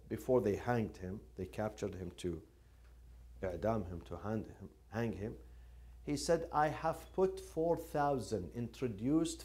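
A man giving an impassioned religious lecture, repeating phrases for emphasis. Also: medium pitch. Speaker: lecturer on Quranic studies.

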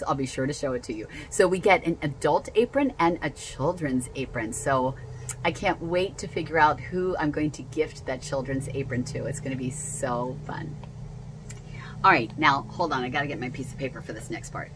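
A woman's voice: very deep voice, moderate pace, slight background noise, low-quality recording. A woman gushing enthusiastically as she unboxes and shows off products in a casual vlog at home. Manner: gushing and enthusiastic, repeats herself. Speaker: essential oils seller.

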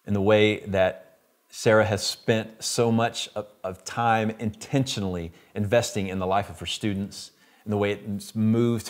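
A male pastor preaching a sermon in an earnest, reflective way, posing questions to listeners. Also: fairly low pitch.

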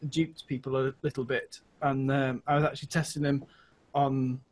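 A man's voice: medium pitch, flat delivery, moderate pace. A man with a Welsh accent chatting casually on a podcast, hesitant with many ums and restarts. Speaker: podcast co-host. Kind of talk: casual chat.

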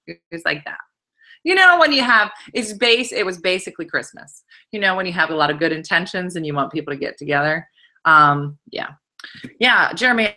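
Middle-aged female host, casual and laughing, bright and animated delivery. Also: medium pitch. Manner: chatty, laughing, reading viewer comments aloud. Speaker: host of a live wine-tasting show. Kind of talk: casual livestream chat.

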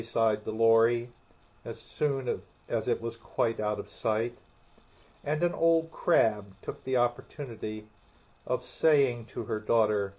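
A man narrating a classic novel as an audiobook, in a calm, measured storytelling manner. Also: mid-range voice. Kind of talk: scripted narration. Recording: muffled, dull audio.

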